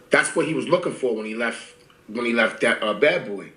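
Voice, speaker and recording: A man in his forties telling stories in a casual interview, profane and animated, acting out what people said. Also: medium pitch, fast. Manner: animated storyteller, profane, acts out quotes. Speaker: rapper guest. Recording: roomy echo.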